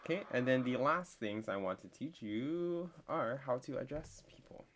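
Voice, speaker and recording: A young man teaching a casual online French lesson, chatty and full of fillers, slowing down to spell out words. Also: medium pitch, animated, fairly bright tone, slight background noise.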